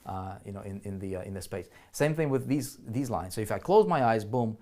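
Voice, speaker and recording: A man's voice: lowish voice, lively intonation, fairly quick, dark tone. Guy walking folks through a sales page, chatty, keeps asking right?, typing in the background. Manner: chatty, lots of "right?" check-ins, frequent restarts. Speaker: online marketing trainer. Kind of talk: live screen-share teaching.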